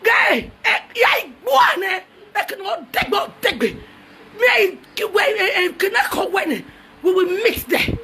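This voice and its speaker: A Nigerian woman shouts a mocking, heated rant, hopping between languages. Her voice sits very high, with a sharp, gravelly edge. She taunts as she goes. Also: very animated, unhurried, slight background noise. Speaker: social media personality.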